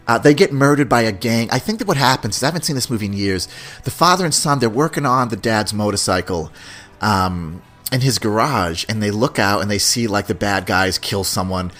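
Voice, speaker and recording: Animated, rambling male podcast host. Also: fairly low pitch, moderate pace. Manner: animated, rambling, laughs often. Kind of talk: casual podcast chat.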